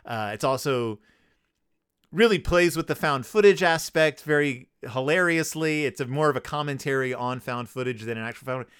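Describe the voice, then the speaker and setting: With a medium-pitched, slightly bright, clear and resonant voice at a moderate pace, a podcast host sarcastically retells a children's book for his comedy show. He riffs freely and voices the characters, in a dry, studio-quality recording.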